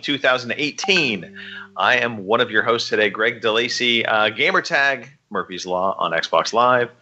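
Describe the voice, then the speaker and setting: A man's voice: medium pitch, pushed and bright, muffled recording. A man hosting a casual gaming podcast, joking and rambling with many fillers. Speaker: podcast host. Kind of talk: casual chat.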